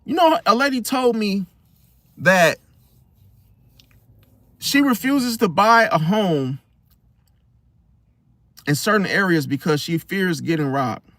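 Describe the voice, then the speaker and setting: A man hosting a casual astrology monologue, talking in an animated way and often asking his listeners "See?". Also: high voice, slow pace, long pauses, no room sound. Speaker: host.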